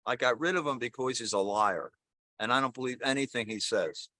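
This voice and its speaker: A man's voice: mid-range voice, a little fast, pushed and bright, no room sound, close to an everyday voice. A man doing a fed-up dog owner. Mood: blunt. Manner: blunt, dismissive.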